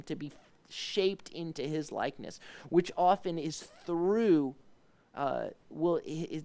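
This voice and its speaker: Gravelly, smooth-voiced male pastor teaching. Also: darkish tone. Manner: explains Hebrew words, rises in pitch when voicing pleading questions. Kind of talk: devotional Bible teaching. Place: ministry livestream.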